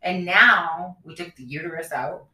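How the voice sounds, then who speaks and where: Her pitch is fairly low and her delivery unhurried. A woman in her thirties, she co-hosts a laid-back podcast from an echoey space, recounting something from her own life openly and performing the other characters' lines with lively flair.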